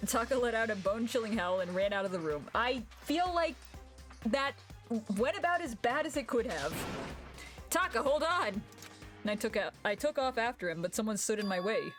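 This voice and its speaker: A woman streamer reading game dialogue aloud and reacting with loud, swearing outbursts and laughter. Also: on the high side, fairly quick, faint music behind.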